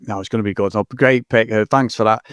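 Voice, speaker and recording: A man's voice: on the low side, fairly even intonation, clean tone, dry recording, clean studio sound. A man co-hosting a film podcast, chatty and breezy as he runs through plugs and thank-yous. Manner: chatty, reads sign-off plugs briskly. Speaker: podcast co-host. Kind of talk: casual film-podcast chat.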